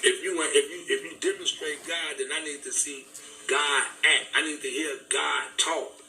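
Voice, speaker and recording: A man's voice: on the high side, fairly even intonation, moderate pace, pushed and bright. A man giving an impassioned, preaching talk, fervent and repetitive, in casual vernacular. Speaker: speaker. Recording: echoey room, distant mic, faint music.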